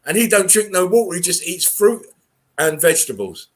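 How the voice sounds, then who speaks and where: A man's voice: high voice, animated, normal speed. A man hosting a casual video call chat, rambling earnestly and swearing freely.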